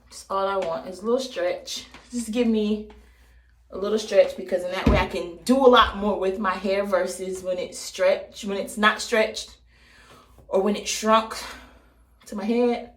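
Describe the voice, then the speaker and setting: A woman's voice: medium pitch, unhurried. A woman in her thirties chatting casually on camera as she does her hair, playful and jokey, talking straight to her viewers. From United States. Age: 30s. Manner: playful, jokey, talks to viewers as "baby" and "y'all". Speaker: hair vlogger. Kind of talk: casual chat while styling hair on camera. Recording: echoey room.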